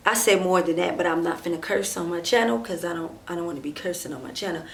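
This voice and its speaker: On her vlog, a woman with a lowish, vocal-fry voice tells a personal story in casual storytime chat, addressing viewers directly and saying "like" and "and stuff" a lot. She animatedly acts out what people said, stretches out fillers, and drops to a hushed near-whisper at tense moments. A little hiss or hum is audible.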